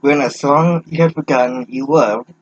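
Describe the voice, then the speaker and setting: A man's voice: mid-range voice, moderate pace, highs cut off, a little hiss or hum. A young man reading a fanfic aloud with sarcastic, profane asides, stumbling over words. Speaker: reader mocking a fanfic.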